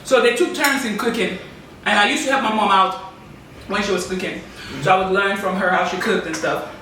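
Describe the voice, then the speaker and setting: A woman's voice: mid-range voice, a bit bright, slight background noise. A woman, host of a casual food chat, patiently explaining dishes step by step. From Nigeria. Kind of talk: casual chat over a home-cooked meal. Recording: echoey room, distant mic.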